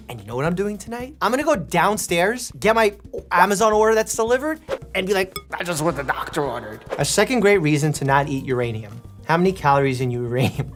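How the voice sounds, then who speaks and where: A man in his thirties, a doctor, casually reacting to memes in a playful, jokey way, laughing often and sometimes stopping to explain medical facts. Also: a little high. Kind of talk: casual meme reaction commentary.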